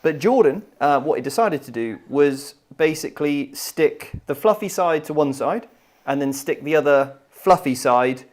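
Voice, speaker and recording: Upbeat male host, casual chat, a bit high-voiced. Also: animated, a little mellow. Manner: upbeat, chatty, quick banter. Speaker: host and player.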